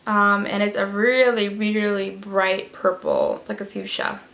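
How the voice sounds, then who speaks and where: A woman's voice: mid-range voice, very animated, measured pace, gravelly, fairly bright tone. A woman giving a casual, chatty product review with lots of fillers and emphatic repeats. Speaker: beauty vlogger. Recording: roomy echo.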